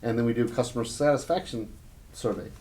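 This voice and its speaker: A man's voice: mid-range voice, fast, darkish tone, a little hiss or hum. A man giving a live business workshop talk to a small audience in a room, speaking in short, punchy, conversational phrases and telling anecdotes.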